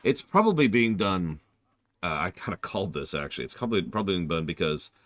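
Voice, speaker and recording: A man's voice: low-pitched, very animated, fast talker, fairly bright tone, no echo. A man streaming a game, making jokey, self-deprecating asides in casual commentary.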